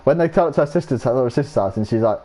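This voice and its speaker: A young man streaming a football game, casually retelling comedy scenes, swearing often and jumping into high squeaky voices for the lines he quotes. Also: expressive, very fast, dark tone.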